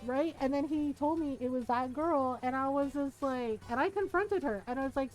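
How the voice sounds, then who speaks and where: A woman streamer chatting casually while playing a game, animated and swearing freely. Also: sits high, normal speed, faint music behind, rough recording. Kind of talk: casual gameplay commentary.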